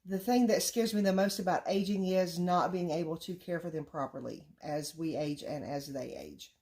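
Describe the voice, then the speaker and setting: A woman's voice: fairly low pitch, darkish tone. A middle-aged woman, co-hosting a family vlog in casual chat and laughing often. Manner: chatty, laughs often, Southern country talk.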